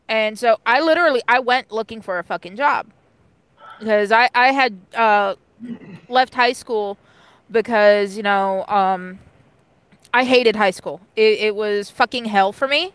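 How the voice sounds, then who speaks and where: A young adult woman telling a personal story in casual, profane chat, blunt and animated. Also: on the high side, a little slow, clear, resonant tone, dry recording, poor audio. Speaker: co-host.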